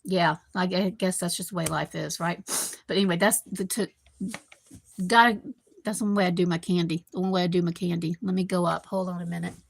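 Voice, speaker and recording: A woman's voice: fairly low pitch, steady tone, a little fast, gravelly, a little hiss or hum. A woman, rambling casually as she hosts a live stream from her home kitchen and chats with viewers by name. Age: 50s. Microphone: computer microphone.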